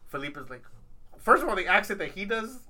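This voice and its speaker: Male podcast host, very bright tone, rambling storyteller, casual chat. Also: high voice, a little fast. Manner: rambling, animated storytelling with many fillers.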